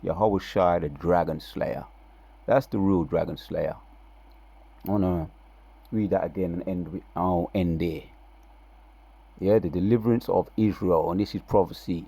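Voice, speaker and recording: A man giving casual religious commentary, reading scripture aloud with loud, drawn-out emphasis between relaxed, slangy asides. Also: deep voice, vocal fry, husky, no room sound. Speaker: religious video preacher.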